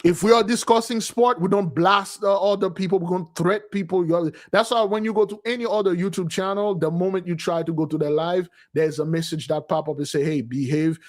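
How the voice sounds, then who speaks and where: A man giving a livestream sermon in a loose, conversational way, repeating phrases and calling his listeners "beloved", with his voice swinging between loud and soft. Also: high-pitched. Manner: repetitive, calls listeners "beloved". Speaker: spiritual teacher leading a community fast.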